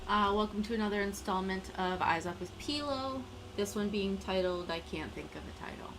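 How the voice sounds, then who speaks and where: A woman's voice: mid-range voice, normal speed, noisy background. A woman hosting a casual live stream, chatting in a rambling, self-deprecating way.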